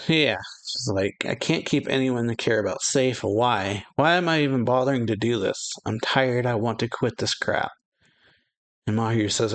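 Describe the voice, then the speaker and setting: A man hosting a manga reaction, reading the dialogue aloud in a casual way and laughing often between lines. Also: medium pitch.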